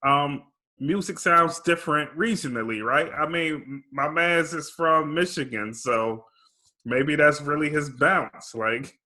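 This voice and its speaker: A man's voice: on the high side, unhurried, pushed and bright. A man co-hosting a podcast, talking things through casually and checking in with "right?". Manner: laid-back, reasoning aloud with frequent "right?". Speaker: podcast co-host. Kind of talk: casual chat.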